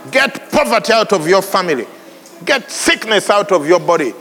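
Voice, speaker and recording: A man preaching a sermon, animated, breaking into sudden high exclamations and laughs. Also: moderate pace, soft background music. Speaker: pastor. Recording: long hall reverb with faint ambience.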